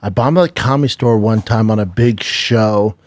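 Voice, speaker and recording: A man's voice: on the low side, moderate pace, a little mellow, no room sound. Laid-back man telling candid stories. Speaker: podcast co-host and comedian. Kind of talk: casual chat.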